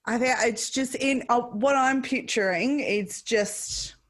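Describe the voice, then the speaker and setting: A woman's voice: on the high side, slow pace. A woman with an Australian accent hosting a casual podcast interview, effusive and gushing, with casual swearing. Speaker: podcast host.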